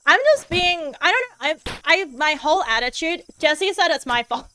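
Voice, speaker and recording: High, bright-voiced goofy streamer woman. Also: lively intonation, normal speed, slight background noise, rough recording. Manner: goofy, laid back, swears freely. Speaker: VTuber streamer. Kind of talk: casual game-stream chat.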